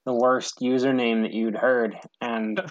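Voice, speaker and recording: A man's voice: mid-range voice, level tone, a little slow, dry recording, muffled recording. A man in a casual podcast chat who speaks in a dry, matter-of-fact way. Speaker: podcast guest.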